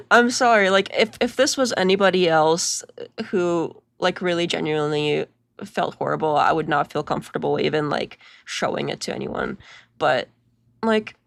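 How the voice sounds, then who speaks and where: A young woman talks through clips in a loose, sarcastic commentary. Her voice has a gravelly edge and sits close and dry on the mic, with no room sound around it. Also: low voice, unhurried, pauses often, dry recording. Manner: chatty, mocking, full of "like" and restarts. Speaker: commentary video host.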